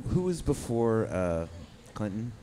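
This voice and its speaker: A man's voice: lowish voice, big pitch swings, unhurried, warm tone, slight background noise. A man making dry wisecracks while guessing trivia answers in a casual chat. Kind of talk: casual podcast banter.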